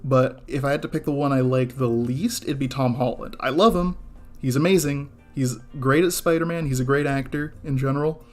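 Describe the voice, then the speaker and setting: A man's voice: mid-range voice, fairly quick, faint music behind. A man ranting casually on a live drawing stream, getting heated, swearing and stumbling over restarts before apologizing. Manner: heated, swearing, many restarts and self-corrections. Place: home studio with background music.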